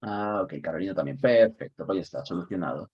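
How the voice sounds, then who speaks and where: A man's voice: sits low, very fast, breathy edge, highs cut off. A man teaching an online English class, chatty and upbeat, chuckling often and leaning on key words. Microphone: computer mic on a video call.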